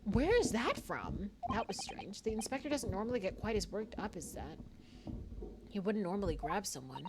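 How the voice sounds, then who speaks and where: Woman streamer, playful banter with chat, lively swooping pitch, mid voice. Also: normal speed, over music. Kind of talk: live game stream chat.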